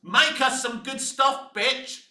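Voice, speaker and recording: A man delivering a profane, ranting video commentary, swinging between low muttering and shouting. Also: slow pace, reverberant. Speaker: fan commentator.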